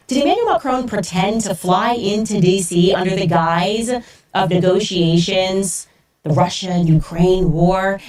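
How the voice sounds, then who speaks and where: A woman podcaster telling a story in an animated, incredulous way, acting out the voices she quotes. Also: mid-range voice, distant mic. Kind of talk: storytelling monologue.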